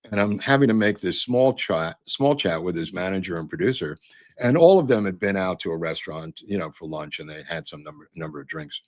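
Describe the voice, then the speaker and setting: An older man with a very low voice hosts a podcast and spins rambling showbiz anecdotes. He talks in a loose, chatty way, padded with "uh" and "um". The sound is dry and close, with no room echo. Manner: chatty, full of "uh" and "um" fillers. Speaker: podcast host.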